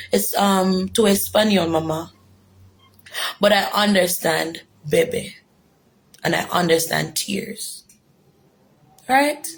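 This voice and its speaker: Earnest Jamaican woman, gravelly voice. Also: medium pitch. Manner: earnest, emotional, repeats for emphasis. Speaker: former detainee telling her story. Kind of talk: personal testimony.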